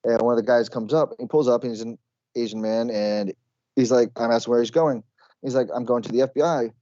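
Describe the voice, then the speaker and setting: An American man co-hosts a podcast with quick, rambling, swear-laced chat. His voice is mellow and darker than most, though mid-pitched. The mic sounds dry and a bit dull. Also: steady tone, dry recording. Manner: rapid, rambling, swears casually. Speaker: podcast co-host. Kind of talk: casual chat.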